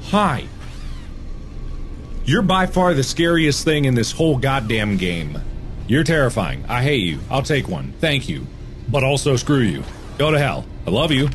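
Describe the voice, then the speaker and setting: A young man doing jokey let's-play commentary, excitable and often shouting at the game. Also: medium pitch, unhurried, a little hiss or hum. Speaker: gaming video host. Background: game music.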